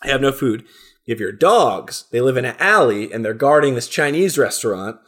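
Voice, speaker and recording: A man's voice: mid-range voice, animated, fairly quick, a bit bright. A man in casual podcast chat, rambling and swearing, now and then slipping into silly put-on voices. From New Jersey area, US. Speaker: podcast co-host.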